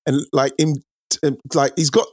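A man's voice: on the high side, steady tone, moderate pace, a little mellow, dry recording, clean studio sound. A man co-hosting a football chat, talking animatedly and repeating himself as he builds a point. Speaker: football podcast co-host. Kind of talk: casual chat.

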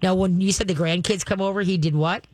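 A woman with a lowish, darkish voice talks fast in a steady tone, with no room sound. She hosts a call-in pet advice radio show, chatty and folksy, coaching callers on dog behavior and acting out coaxing voices aimed at the dog.

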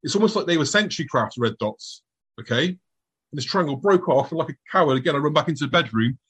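A man's voice: a little high, lively intonation, fast talker, fairly bright tone, slightly rough, rough recording. A man earnestly retelling a personal experience, acting out the dialogue as he goes. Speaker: interviewee recounting UFO experiences. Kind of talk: casual storytelling.

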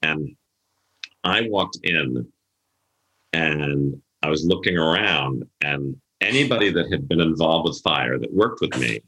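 A man's voice: extremely low pitch, expressive, a little slow, bright, forceful tone. A middle-aged man, an event planner, telling stories in a casual interview and acting out the voices of people he quotes. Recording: echoey room.

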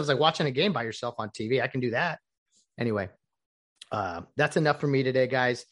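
A man's voice: mid-range voice, fairly quick. A man hosting a casual solo show, rambling and acting out the lines he quotes. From United States. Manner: rambling, animated, acts out quoted dialogue. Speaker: podcast host.

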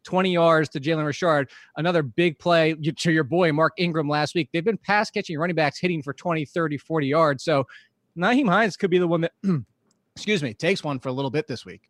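A man calling in from home as a guest analyst, talking in a relaxed, conversational way. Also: on the high side, fairly quick, no room sound, studio quality. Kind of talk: casual podcast chat, call-in.

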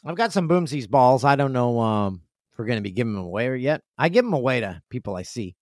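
A man's voice: expressive, quick pace, no echo. Guy rambling on his podcast, bouncy voice, dry close mic. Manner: chatty, jokey, acts out friends in loud high voices. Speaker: podcast host. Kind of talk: casual solo podcast chat. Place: home studio with stairs nearby.

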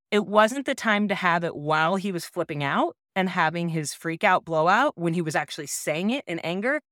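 A woman's voice: on the low side, fairly bright tone, no echo, studio quality. A woman podcast host telling a personal parenting story in an earnest, reassuring way.

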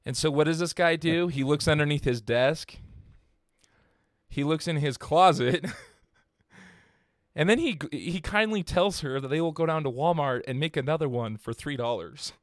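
A man's voice: on the high side, moderate pace, dry recording, studio quality. A man hosting a podcast, telling a story in casual chat with lots of fillers and restarts. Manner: rambling, filler-heavy, laughs at own jokes. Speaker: podcast host.

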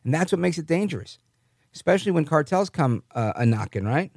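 A man's voice: mid-range voice, a little fast, creaky, darkish tone, no echo. A man from New Jersey giving a conversational political commentary monologue, often asking "right?" and reading news reports aloud. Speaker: commentary host.

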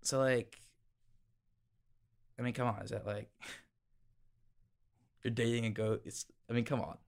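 A man's voice: medium pitch, fairly even intonation, unhurried, vocal fry. A man playing a rambling, skeptical young guy. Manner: rambling, filler-heavy, mocking. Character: skeptical, flustered young guy, blunt and casual. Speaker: actor in a comedy audio drama. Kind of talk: improvised comedy audio drama.

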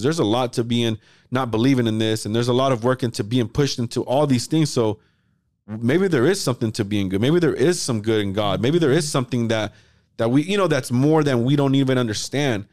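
A man hosting a casual podcast chat, talking in an animated way, swearing freely and acting out his own past thoughts. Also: medium pitch, brisk, no echo, clean studio sound. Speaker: podcast host.

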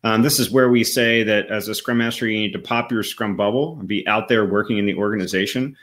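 A man's voice: fairly low pitch, brisk, fairly bright tone. A man co-hosting a podcast in casual discussion, talking in a persuasive, conversational way. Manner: conversational and persuasive, with fillers and restarts. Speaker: podcast co-host.

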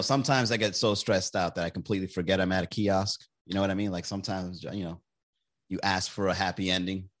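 A man's voice: sits low, fairly bright tone. A man hosting a podcast, telling a rambling, crude story in a casual monologue, laughing often and acting out other people's lines. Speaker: podcast host.

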